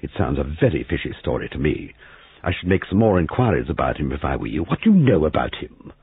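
A man voicing an imperious elderly woman guest, haughty and cutting, with slow emphatic words, heard in a phone-like, lo-fi reading. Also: rumbling low, sing-song, gravelly, slightly rough, no room sound, exaggerated voice.

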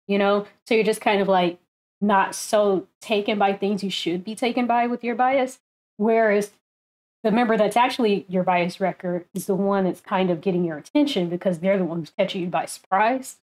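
A woman hosting a casual album reaction video, chatty and excitable, laughing often. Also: mid-range voice, normal speed.

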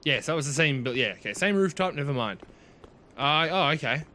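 A bright-voiced man chats his way through a video game, excitable and quick to exclaim. His voice sits a little high and swings widely in pitch. He talks to himself and to his viewers as he plays. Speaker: let's play host. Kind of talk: casual gameplay commentary.

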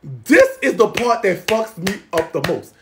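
A man giving casual gossip commentary in a sassy, profane, dramatic way, with loud exclamations and laughing. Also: sits high, very animated, unhurried, slight background noise. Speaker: gossip vlogger.

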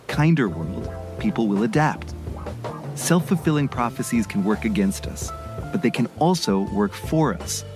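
A man co-hosting a podcast, reading scripted narration in a measured, earnest way. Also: medium pitch. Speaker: podcast co-host. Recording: music bed underneath.

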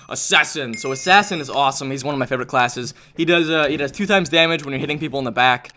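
A young man narrating a video game as he plays, excitable and jokey, often shouting. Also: medium pitch, quick pace, hardly any pauses, background noise. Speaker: gaming YouTuber.

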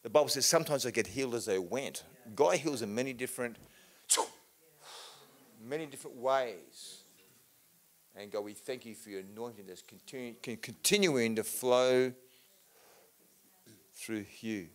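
A man with an English accent leading a healing meeting, praying over people in fervent declaring prayer that swings from soft to loud, with casual matey remarks. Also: medium pitch, normal speed, pauses often. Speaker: healing minister.

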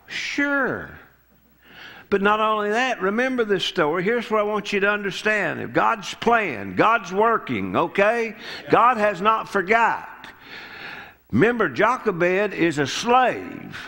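Pastor, slightly high voice, unhurried storytelling sermon, lively delivery. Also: male voice. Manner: folksy, storytelling preacher who acts out the characters' lines. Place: church sanctuary.

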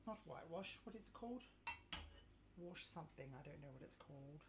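A woman's voice: low-pitched, animated, brisk, heavy background noise. A woman hosting a casual live cooking stream, chatting and joking with viewers in a self-mocking way. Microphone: clip mic, sometimes moved.

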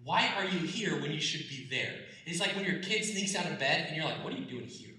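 A man preaching a sermon, swinging from loud, lively storytelling to soft, hushed asides and joking with the congregation. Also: a little fast, very echoey, recorded from a distance, low-quality recording. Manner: dramatic shifts between booming and near-whisper; humorous, asks congregation for response. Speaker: pastor. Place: church sanctuary.

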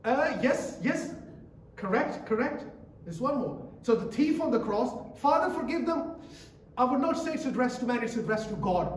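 A man's voice: extremely high pitch, expressive, moderate pace, slight background noise. A man preaching a sermon in a church, emphatic and repetitive, quizzing the congregation as he goes. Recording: echoey church from a distance.

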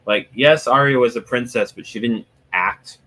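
A man's voice: mid-range voice, normal speed, a bit bright, rough recording. A man reacting to fan fiction in casual chat, bluntly critical and exasperated.

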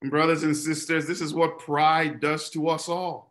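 A man preaching from the pulpit in a high, bright voice, pressing each point with repeated refrains and rhetorical questions. His delivery is emphatic and driving. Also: level tone, moderate pace. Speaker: pastor. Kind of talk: sermon.

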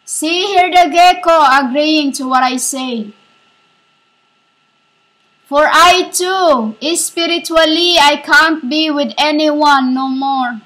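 A woman giving a rambling spiritual monologue as a self-styled preacher, halting and repetitive, often calling her listeners "women". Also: sits high, pushed and bright, low-quality recording.

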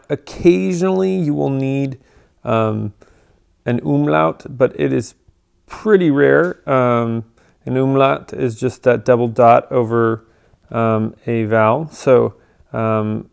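Man, casual tutorial presenter, gravelly yet smooth tone, loose filler-heavy delivery. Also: mid-range voice. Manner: relaxed, with frequent ums and uhs.

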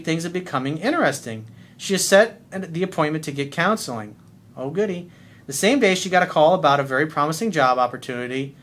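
Playful, teasing male dating coach. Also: a bit bright. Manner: playful, teasing, switches to a low crooning voice. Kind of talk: coaching monologue reading a listener email.

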